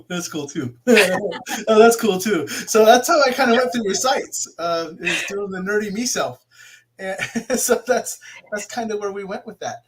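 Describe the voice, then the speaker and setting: A man with a notably high, light voice hosts a casual live interview, rambling and poking fun at himself. He stops and restarts his sentences often and sounds relaxed and conversational. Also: a little slow. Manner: rambling, self-deprecating, frequent restarts. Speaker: podcast host.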